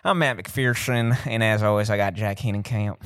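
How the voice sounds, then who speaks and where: A man's voice: on the low side, normal speed, fairly bright tone, smooth, no echo. Man, young adult, podcast host, banter and laughter, dry mic. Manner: laughs often, banters, slips into joke drawl. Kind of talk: joking casual chat.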